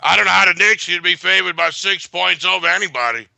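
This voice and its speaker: A man's voice: high-pitched, fast, vocal fry, bright, forceful tone, dry recording. A man giving a sports betting pick in a blunt, boastful way, full of filler uhs.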